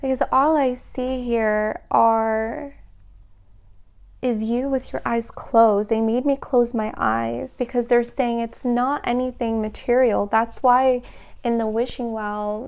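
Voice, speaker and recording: A woman's voice: fairly high pitch, level tone, takes it slowly, a little mellow, clean tone. A woman giving a tarot reading, thinking aloud and often exclaiming with emotion. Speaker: tarot reader.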